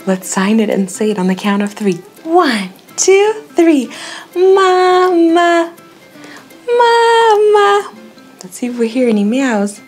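A woman with a high, very lively voice hosts a lesson for toddlers. She speaks slowly and clearly in an exaggerated, sing-song teacher manner. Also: faint music behind. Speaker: children's show host.

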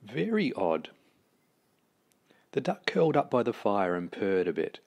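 A man reading a children's picture book aloud, with slow, expressive storytelling. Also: lowish voice.

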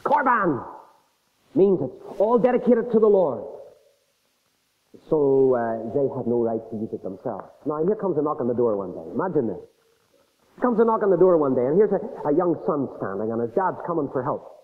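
A man preaching a sermon with a fairly high and very lively voice. He tells a story as he goes, rising to loud emphasis and dropping to quiet asides. The recording is tinny and thin, like a phone line. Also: normal speed.

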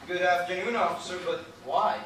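A man's voice: high-pitched, fairly even intonation, fairly quick, fairly bright tone. A young man playing a stiffly polite office clerk set on jumping, in a school stage play. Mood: determined. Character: stubborn young male office clerk on a ledge. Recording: echoey stage from far off.

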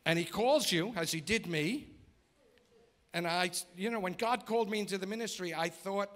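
A man's voice: sits high, moderate pace, a bit bright. A man preaching a sermon as a guest pastor in a church, emphatic and rhythmic, repeating phrases in lists and asking the congregation questions. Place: church sanctuary.

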